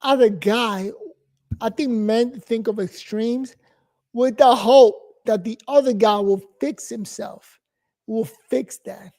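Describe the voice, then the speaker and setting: A man's voice: very high-pitched, takes it slowly, darkish tone. A man in his forties from New York, giving a blunt, profane, rambling casual monologue as host.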